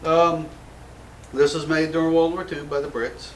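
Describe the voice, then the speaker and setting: A man's voice: a little high, little pitch movement, normal speed, slight background noise. American guy goofing around hosting a gun show, sounds far off in an echoey room. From United States. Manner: goofy, self-mocking, rambling jokes. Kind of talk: casual joking show-and-tell. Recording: roomy echo from a distant mic.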